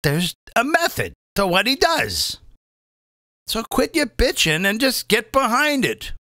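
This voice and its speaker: A man's voice: very high-pitched, wildly swooping pitch, measured pace, bright, forceful tone, dry recording, clean studio sound. A male comedian hosting, delivering a profane, combative political rant and often asking the audience to agree. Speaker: comedian host.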